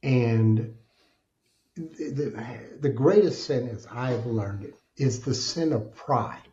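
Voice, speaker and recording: A man speaking as a podcast guest, telling his life story in an animated, emphatic way. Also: medium pitch, takes it slowly, dull audio. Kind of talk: candid storytelling interview.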